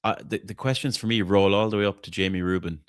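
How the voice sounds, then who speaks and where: A blunt man hosts a casual football podcast chat in a low, deep register. He is opinionated and swears freely, stumbling and repeating words as he builds his case. The recording is dry and close, with no room sound. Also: fairly even intonation, fast talker, clean tone, dry recording. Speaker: podcast host.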